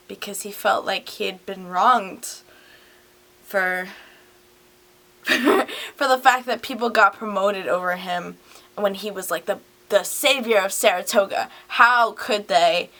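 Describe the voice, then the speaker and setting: A woman's voice: medium pitch, sharp tone. A drunk young woman giggling and swearing as she retells a history story in a rambling, casual way, filmed on a handheld camera at home. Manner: giggly, profane, rambling, slurred asides.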